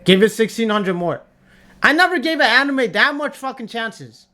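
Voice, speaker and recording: Medium in pitch and expressive, this young adult's voice moves at a normal speed and sounds pushed and bright. They're a livestreamer ranting to chat during tier-list commentary, emphatically going over the same points and swearing a lot.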